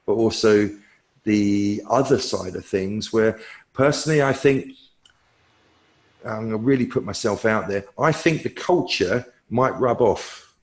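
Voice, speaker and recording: Man with a lowish voice, thinking aloud. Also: unhurried. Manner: thinking aloud with fillers and restarts. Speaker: cloud technology analyst, guest. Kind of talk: conversational answers to questions.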